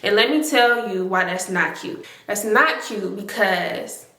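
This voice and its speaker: A woman's voice: mid-range voice, measured pace, a bit bright. A woman telling a casual storytime vlog, emphatic and repeating lines for effect. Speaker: storytime vlogger. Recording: roomy echo.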